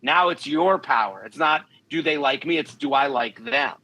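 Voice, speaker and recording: A man's voice: on the high side, lively intonation, normal speed, pushed and bright, breathy edge, low-quality recording. A man, a comedian guest on a podcast, giving blunt, emphatic dating advice and often acting out what people might say. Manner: blunt, emphatic, quotes imagined speakers. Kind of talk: podcast chat.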